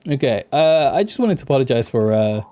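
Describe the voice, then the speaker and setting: A gaming streamer does let's-play commentary on a detective video game, joking and laughing often as he plays. His medium-pitched voice is sing-song and a little fast, with soft music in the background.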